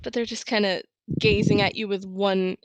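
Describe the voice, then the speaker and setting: A woman narrating a tabletop game as game master, in a casual way with quiet asides. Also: mid-range voice, steady tone, moderate pace, no room sound, dull audio.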